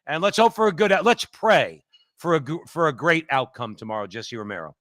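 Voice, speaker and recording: A man's voice: a little high, very animated, a little fast, fairly bright tone, no room sound. A man hosting a radio talk show in a chummy, folksy way. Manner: chummy, folksy, calls people brother.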